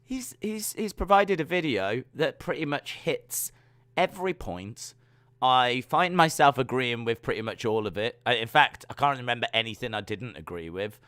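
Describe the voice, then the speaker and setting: A man co-hosting a wrestling podcast, chatting casually in a quick, joking, self-deprecating way. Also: medium pitch, animated, a bit bright, clear, resonant tone, no room sound. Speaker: podcast co-host.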